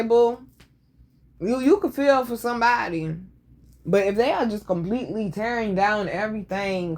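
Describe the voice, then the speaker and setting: A woman hosting a casual show, telling stories in a blunt, profane, sassy way. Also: medium pitch. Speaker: podcast host. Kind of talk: casual storytelling chat.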